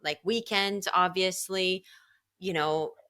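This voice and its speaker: A woman with a lowish, bright and forceful voice chats candidly as a podcast co-host. She rambles a bit and laughs often. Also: slow, clear, resonant tone. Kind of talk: casual chat.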